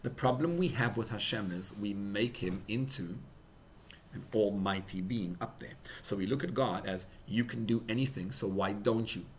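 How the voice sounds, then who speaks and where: A young rabbi preaching at a farbrengen, emotional, building to loud emphatic peaks and mixing in Hebrew and Yiddish words. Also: male voice, lowish voice, moderate pace, slight background noise. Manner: mixes in Hebrew and Yiddish terms. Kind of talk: sermon at a farbrengen gathering.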